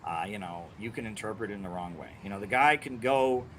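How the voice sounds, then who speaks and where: A man's voice: lowish voice, lively intonation, quick pace, fairly bright tone, slight background noise. A man streaming and chatting casually through viewer questions, rambling with many restarts and frequent "right?" and "you know" asides. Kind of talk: casual livestream chat.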